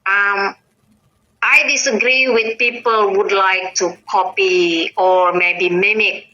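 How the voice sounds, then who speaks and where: Hesitant non-native woman, bright, far off. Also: medium pitch, fairly even intonation, slow. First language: not English. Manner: hesitant, with many restarts and fillers, then firm and emphatic. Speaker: interview guest. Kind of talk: casual interview conversation. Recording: distant, dull, echoey recording with faint noise.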